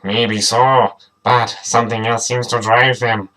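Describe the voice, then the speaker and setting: A man reading aloud, voicing a doting dinosaur mother in a flat, deadpan voice. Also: medium pitch, unhurried, pitched above the performer's own voice.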